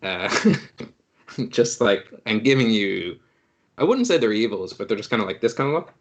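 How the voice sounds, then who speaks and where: A man's voice: lowish voice, sing-song, moderate pace. Male game master, loose chatty narration, joking and stumbling over his words. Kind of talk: casual tabletop game narration.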